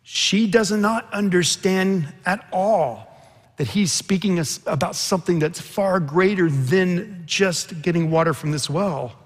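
A man's voice: high voice, creaky, slightly rough, long reverb tail. A man preaching a sermon, telling a scripture story earnestly and quoting its dialogue with rising intensity. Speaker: pastor.

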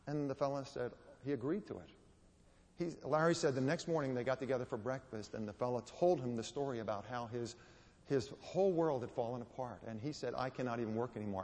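A man's voice: medium pitch, lively intonation, a little fast, a little mellow. Guest preacher, man, sermon storytelling with strong emphasis, reverberant church hall.

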